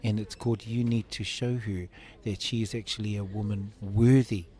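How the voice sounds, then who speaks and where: With a dark, steady tone on the low side, a man in his fifties tells a personal story in an interview at a moderate pace. He's earnest and voices the quoted dialogue.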